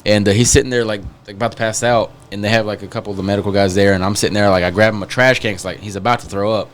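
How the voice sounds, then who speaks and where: A young man with a drawl rattles off embarrassing stories at a rapid clip. His voice sits low. A faint ambient hiss runs behind him. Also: steady tone. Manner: rambling, self-deprecating anecdotes. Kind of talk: casual storytelling chat.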